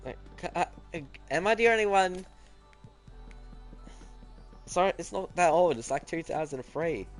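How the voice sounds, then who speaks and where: A man's voice: sits high, lively intonation, measured pace, soft background music. A teenage boy streaming a game, chatting casually and teasingly as he answers his viewers. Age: teens. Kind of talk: casual chat while gaming.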